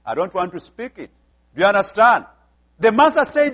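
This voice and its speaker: Man, African accent, very high voice, emphatic sermon, quizzes the congregation. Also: big pitch swings, normal speed, fairly bright tone. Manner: emphatic, asks the congregation questions. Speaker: preacher.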